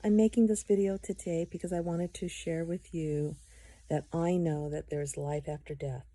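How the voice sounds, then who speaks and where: A middle-aged woman telling a personal testimony to camera in an earnest, gentle way with soft pauses. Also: fairly low pitch, fairly even intonation, no room sound. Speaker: testimony speaker.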